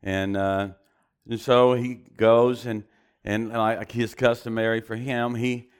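A preacher telling a story in a sermon, animated and often chuckling as he goes. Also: medium pitch, takes it slowly, clear, resonant tone.

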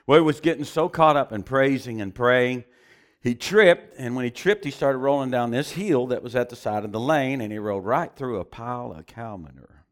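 Man telling a lively sermon story. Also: medium pitch, moderate pace. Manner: animated storyteller, chuckling often.

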